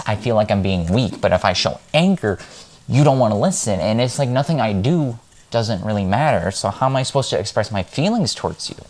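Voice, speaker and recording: Low-voiced man, blunt and rambling, venting straight to camera in a casual vlog. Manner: frank, rambling, heated. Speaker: vlogger. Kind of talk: casual monologue.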